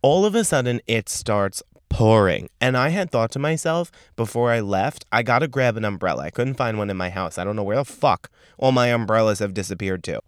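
Smooth-voiced man ranting sassily. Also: fairly low pitch, normal speed, hardly any pauses, no room sound, studio quality. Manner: profane, sassy, animated ranting. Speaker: podcast host. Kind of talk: casual storytelling monologue.

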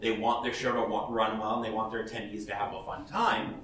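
A man's voice: fairly low pitch, level tone, fairly quick, fairly bright tone, a little hiss or hum. Blunt chatty man in an echoey hall. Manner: blunt, chatty, laughs often, restarts sentences. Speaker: professional cosplayer speaking at a panel. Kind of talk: casual advice talk to an audience. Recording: echoey hall, voice from far off, faint ambience.

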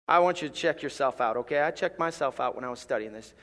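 A middle-aged man, a pastor, preaching a sermon with animated storytelling and playful asides. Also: mid-range voice, quick pace, in a large hall.

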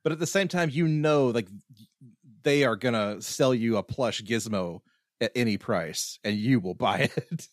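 A man chats eagerly on a film podcast, quick to agree and build on his co-host's points. His voice has a middle pitch for a man. The recording is dry and close. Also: dry recording. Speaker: podcast co-host. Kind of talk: casual film podcast chat.

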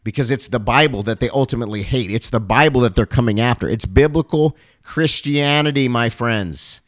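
A pastor gives an impassioned talk on the air, urgent and emphatic, repeating phrases and surging into loud, high calls. He speaks a little fast, and the studio-quality recording has no echo.

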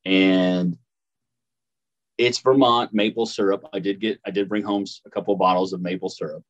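A man in his thirties, Midwestern American by accent, co-hosts a podcast and tells a travel story in casual chat, laughing easily. He has a deep, steady voice and a moderate pace, though the highs are cut off.

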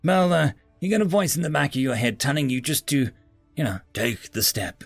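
A man voicing a reckless, cheerful human who rambles eagerly and raises his voice with excitement. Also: on the high side, normal speed, vocal fry, no echo, soft background music.

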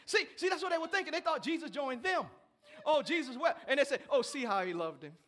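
High, bright-voiced animated preacher man. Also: fast talker. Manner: animated preaching with asides to the congregation. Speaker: pastor. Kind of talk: sermon.

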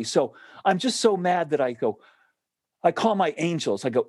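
Male guest in casual chat, animated and laughing, lively delivery in a dry, close recording. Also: fairly high pitch, moderate pace, slightly rough, no echo. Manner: animated, laughs often, restarts sentences.

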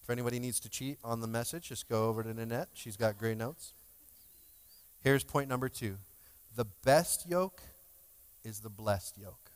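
A male pastor with a medium-pitched, clean-toned voice speaks at a moderate pace in a church sanctuary with long hall reverb. His sermon is emotional and conversational, sprinkled with jokes for the congregation.

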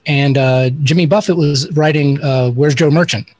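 A man's voice: on the high side, steady tone, normal speed, darkish tone, dry recording. A man talking as an interview guest, telling rambling, self-deprecating stories with many restarts. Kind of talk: casual interview storytelling.

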